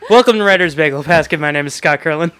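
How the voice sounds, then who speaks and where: A man's voice: on the high side, fast, music in the background. A man hosting a podcast in a joking, casual chat, laughing often. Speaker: podcast host.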